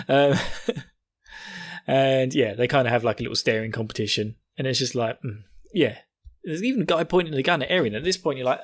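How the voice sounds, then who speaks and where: A man's voice: mid-range voice, normal speed, long pauses. A man hosting a podcast, recapping an episode casually, laughing often and swearing. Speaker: podcast host.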